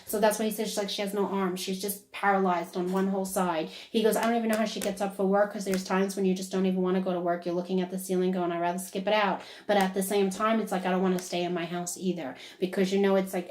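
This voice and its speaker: A woman's voice: medium pitch, slight background noise. Chatty woman medium, echoey room. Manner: chatty, relays quotes in lively bursts with frequent laughs. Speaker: psychic medium. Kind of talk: conversational reading to a sitter.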